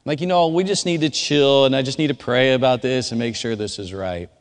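A man giving a relaxed, conversational sermon. He tells personal stories and talks directly to his audience. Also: medium pitch, a little fast, clear, resonant tone. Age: adult. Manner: informal, storytelling, speaks directly to the audience. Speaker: chapel speaker. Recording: long hall reverb.

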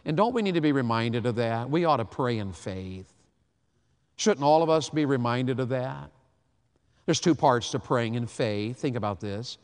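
A man, preaching a sermon, swinging from hushed to loud. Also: medium pitch, expressive, moderate pace, clear, resonant tone. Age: 50s. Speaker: pastor. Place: large church hall. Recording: long hall reverb.

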